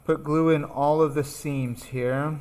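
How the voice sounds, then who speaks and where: A man's voice: fairly high pitch, steady tone, takes it slowly, darkish tone, clear, resonant tone. A man teaching a craft class, talking through his steps as he works, casual and chatty. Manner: chatty, thinking aloud while working. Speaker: art instructor. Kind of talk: live classroom demonstration.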